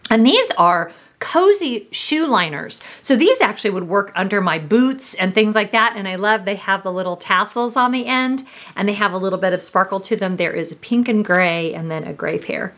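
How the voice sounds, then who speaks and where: A woman's voice: mid-range voice, lively intonation, normal speed, a bit bright. A middle-aged woman, gushing and emotional as she unboxes gifts and talks to her viewers. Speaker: vlogger. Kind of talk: gift unboxing vlog.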